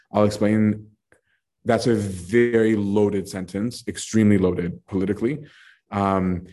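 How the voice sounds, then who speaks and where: Male bible study leader, low and dark-toned voice, casual lecturing manner, frequent "right?" check-ins. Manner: conversational, frequent "right?" and "um" fillers. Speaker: teacher of a scripture study.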